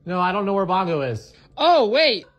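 A man's voice: sits high, big pitch swings, moderate pace, fairly bright tone. A man acting in a playful couple skit, teasing and mock-apologetic. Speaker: comedy sketch creator.

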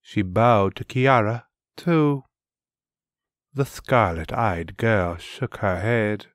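Guy reading a fantasy audiobook, slow and steady, low voice, dry close sound. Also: no echo. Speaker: narrator. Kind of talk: audiobook narration.

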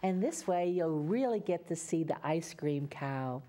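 A woman from Louisiana with a Louisiana accent tells a children's story at story time. Her voice is mellow and swoops up and down in a sing-song lilt as she coaxes little listeners to join in. She takes her time, unhurried and gentle. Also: low voice, animated. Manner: sing-song, coaxing, speaks to young children.

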